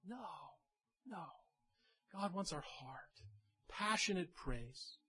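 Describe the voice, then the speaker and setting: A man's voice: high voice, lively intonation, unhurried, bright, forceful tone, husky. A male pastor preaching a sermon in an earnest manner, rising to emphatic peaks and often repeating his words.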